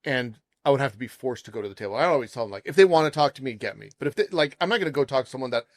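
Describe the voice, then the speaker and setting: A man hosts a casual chef podcast in a mid-range voice, telling animated stories and laughing often. The recording is dry and close. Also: mid-range voice, rapid-fire, dry recording.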